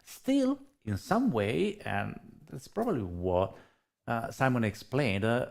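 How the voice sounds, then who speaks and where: A man with an Italian accent chatting casually as co-host, often pausing on fillers. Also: medium pitch, gravelly. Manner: animated, hesitant with many fillers. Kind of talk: casual livestream chat.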